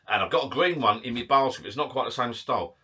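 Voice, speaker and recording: Husky, breathless man rambling. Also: mid-range voice, quick pace, bright, forceful tone. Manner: chatty, self-mocking, swears casually. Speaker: vlogger. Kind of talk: casual rambling chat to camera. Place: garden shed bar.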